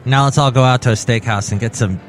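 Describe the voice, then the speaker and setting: A man's voice: medium pitch, quick pace. A man hosting a comedy podcast, talking playfully through a monologue and skits, with faint music behind. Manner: playful, animated. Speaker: podcast host.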